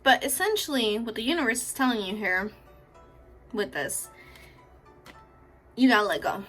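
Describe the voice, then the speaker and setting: A woman's voice: on the high side, lively intonation, moderate pace, a bit bright, soft background music. A woman giving a casual pick-a-card tarot reading, chatty, affectionate and freely profane, often laughing. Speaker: tarot reader.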